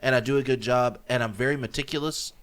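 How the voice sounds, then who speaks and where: A man's voice: medium pitch, steady tone, fast talker, a bit bright. A man who is a guest on a podcast, talking in a rambling, casual way with frequent "like" fillers. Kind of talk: casual round-table chat.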